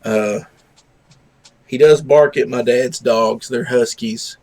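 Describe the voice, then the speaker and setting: A relaxed man drawls through casual chat with his stream viewers at an unhurried pace. His talk rambles and he pokes fun at himself. He sounds easygoing and unscripted on a streaming microphone. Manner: laid-back, rambling, self-deprecating; coos at his dog in high baby talk. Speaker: livestream host.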